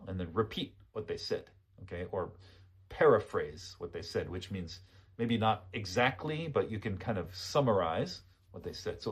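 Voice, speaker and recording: Husky-voiced man teaching phone phrases. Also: fairly low pitch, lively intonation, moderate pace. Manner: explains patiently, often repeats phrases and checks with "okay?". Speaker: English teacher. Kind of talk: casual spoken lesson.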